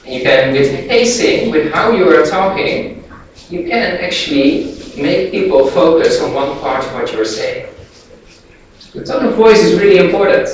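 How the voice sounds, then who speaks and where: A man who is a psychology lecturer and therapist, giving a classroom lecture in an explanatory way and showing his points with his own voice. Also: high-pitched. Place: large classroom. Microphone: distant room mic. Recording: very echoey room, distant dull mic, faint hiss.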